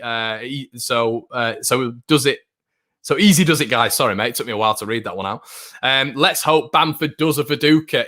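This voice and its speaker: Young man, live-stream host, casual chat, bright voice, rambling with fillers. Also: medium pitch. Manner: chatty, filler-heavy, frequent restarts, excitable fan. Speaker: host of a football watchalong stream.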